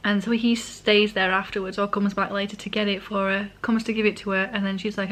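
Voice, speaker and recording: A woman talks through a manga story in a loose, rambling vlog chat. She corrects herself as she goes and eats while talking. Her pitch sits in the middle of the usual range. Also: little pitch movement, fairly quick. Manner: rambling, chatty, self-correcting. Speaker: vlogger. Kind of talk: casual manga reading recap.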